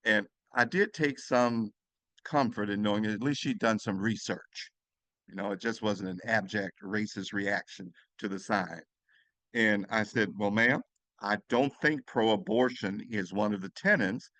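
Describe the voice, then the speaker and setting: A man's voice: on the low side, a little slow, fairly bright tone, no echo. A man, a Catholic priest, telling a story in an earnest, emphatic way with frequent restarts. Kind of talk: storytelling talk.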